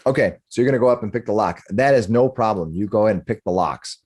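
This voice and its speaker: A man narrating a tabletop role-playing game as dungeon master, halting and restarting as he describes scenes and speaks for the characters. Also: lowish voice, a little mellow. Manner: halting, many restarts, narrates while voicing orcs and townsfolk.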